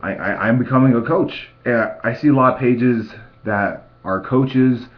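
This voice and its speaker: A man's voice: medium pitch, unhurried. Young adult male vlogger, casual and repetitive, dull lo-fi computer sound. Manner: rambling, repeats words and restarts. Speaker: fitness vlogger. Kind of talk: casual video diary. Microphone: computer mic.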